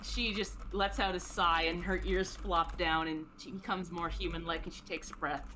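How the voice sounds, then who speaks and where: A woman's voice: on the low side, a little hiss or hum. Giggly woman narrating as game master. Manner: relaxed, giggly narration with fillers.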